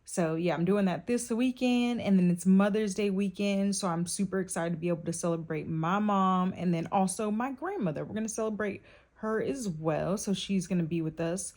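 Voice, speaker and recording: A woman's voice: medium pitch, normal speed. A young woman, chatting casually to her viewers in a vlog. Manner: chatty, warm address to viewers with lots of y'all. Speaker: vlogger. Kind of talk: casual vlog chat to camera.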